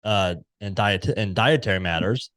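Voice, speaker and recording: A man's voice: on the low side, moderate pace, a bit bright. A man hosting a fitness podcast who frames his questions in a loose, thinking-aloud way. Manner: rambling, thinking aloud while framing questions. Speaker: podcast host. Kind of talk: casual interview.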